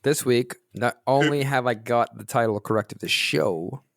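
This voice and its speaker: A man's voice: medium pitch, normal speed, gravelly, no room sound, clean studio sound. A man hosting a podcast, leading casual chat with jokey, self-deprecating banter. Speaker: podcast host.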